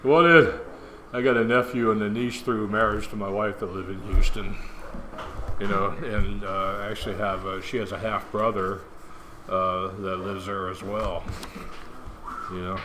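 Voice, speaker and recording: An older man with a low voice leads a small church Bible study and chats in a relaxed, folksy way that rambles from point to point. The recording is noisy, and the room ambience is plain to hear. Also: moderate pace. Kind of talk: casual group Bible study talk.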